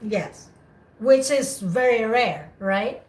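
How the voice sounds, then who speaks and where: A woman tutoring English pronunciation in a casual, patient way, explaining rules slowly. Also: on the high side, darkish tone, slight background noise. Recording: echoey room, distant mic.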